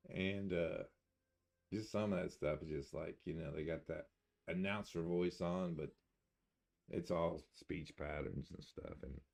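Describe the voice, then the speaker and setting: Older male streamer, low gravelly voice, easygoing rambling chat with chuckles. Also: slow, darkish tone. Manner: rambling, folksy, chuckling to himself; talks of having an accent. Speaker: game streamer. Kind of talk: casual live-stream chat.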